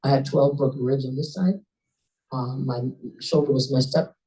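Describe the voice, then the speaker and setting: A woman at a club meeting telling a personal story in a lively, conversational way, often jumping up in pitch for emphasis. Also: normal speed. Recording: voice a bit distant from the mic.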